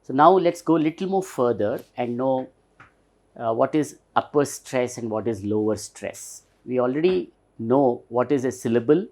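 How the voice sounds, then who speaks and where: A male teacher with an Indian English accent giving a recorded phonetics lesson, explaining slowly and repeating words to show their stress. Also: mid-range voice, lively intonation, darkish tone.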